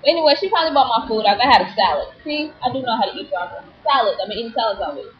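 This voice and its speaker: Casual vlogger, woman, higher register, animated and indignant, muffled webcam sound. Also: very fast. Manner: animated, indignant storytelling with many fillers. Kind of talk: casual vlog rant. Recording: dull lo-fi webcam audio with faint hiss.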